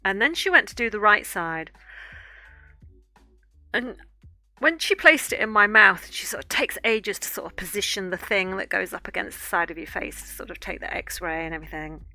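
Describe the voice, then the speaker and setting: A woman's voice: medium pitch, animated, moderate pace, pushed and bright, dry recording, soft background music. A woman art streamer casually telling a rambling story while she draws, with lots of fillers and restarts.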